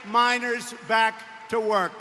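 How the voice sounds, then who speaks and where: A man's voice: very high voice, flat delivery, takes it slowly, background noise. A man giving a rally speech in a large arena, boastful and repetitive, with mocking asides. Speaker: political speaker at a rally. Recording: echoey arena with long reverb.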